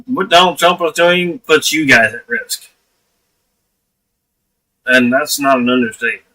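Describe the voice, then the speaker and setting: A man's voice: medium pitch, unhurried, bright, forceful tone. A man hosting a casual livestream chat, blunt and laughing often, swearing freely. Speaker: livestream host. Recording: voice distant from the mic.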